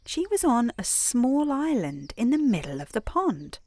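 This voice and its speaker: A British woman reading a bedtime story in a calm, soothing, unhurried way. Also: fairly high pitch.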